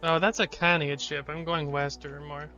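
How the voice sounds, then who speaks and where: A man's voice: fairly high pitch, little pitch movement, normal speed, bright, forceful tone, dull audio, soft background music. A man streaming a video game live, reading its text aloud and reacting with sudden swearing.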